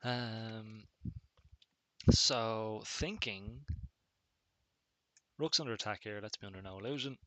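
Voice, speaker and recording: A man casually commentating on his own chess game, thinking aloud in a relaxed, musing way. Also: lowish voice. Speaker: chess streamer.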